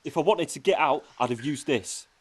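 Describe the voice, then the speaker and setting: A man voicing a calm, clever, dryly witty time traveller in an audio drama. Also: fairly high pitch, normal speed, heavy background noise, lightly acted. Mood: earnest. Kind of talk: fan audio drama acting.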